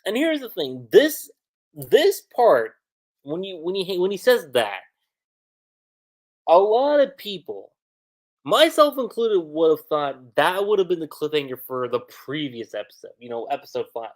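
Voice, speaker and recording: A man hosting a livestream anime review, recapping the episode in an excitable, slangy way. His pitch jumps around a lot as he talks. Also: a little slow.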